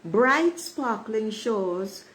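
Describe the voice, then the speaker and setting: A woman's voice: on the high side, animated, drawn-out words, a bit bright, low-quality recording. A woman giving a spiritual oracle card reading to her viewers. She speaks emphatically and repeats her affirmations. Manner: emphatic, repeats affirmations, addresses listeners as beautiful souls.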